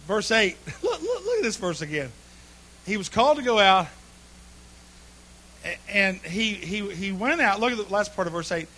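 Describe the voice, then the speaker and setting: A man preaching a humorous sermon, telling folksy stories with sudden bursts of shouting and laughter. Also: high-pitched, sing-song, moderate pace, long pauses.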